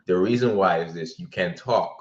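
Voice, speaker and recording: A man with a deep voice speaks at a moderate pace over dull-sounding audio while hosting a casual livestream. Offering dating advice, he tells dating stories in a blunt, profane way.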